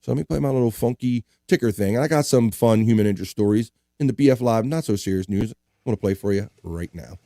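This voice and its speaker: A man's voice: fairly low pitch, fast talker, no echo, studio quality. A man hosting a casual livestream, reading out viewer comments, joking crudely and hyping up donations. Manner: animated, hypes up donations, jokes crudely. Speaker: livestream host.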